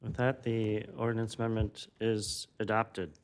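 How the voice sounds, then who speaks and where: A man's voice: on the low side, level tone, moderate pace. A man serving as board chair, running a public meeting in a procedural way with light teasing asides.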